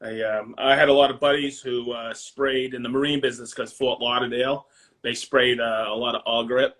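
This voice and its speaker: Middle-aged man, Maine accent, bright voice, rambling casual guest who laughs a lot. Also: mid-range voice, fairly even intonation, moderate pace. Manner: rambling, laughs often, many fillers. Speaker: guest, finisher. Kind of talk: casual chat.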